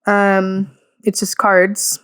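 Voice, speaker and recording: A woman's voice: medium pitch, monotone, drawn-out words, fairly bright tone, clear, resonant tone. A young woman co-hosting a podcast, giggly and playful in casual chat. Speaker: podcast co-host.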